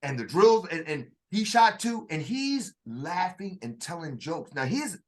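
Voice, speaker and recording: Brief: fairly high-pitched man, conversational storyteller, lots of restarts and acted-out quotes. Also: very animated, unhurried. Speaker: author telling his story.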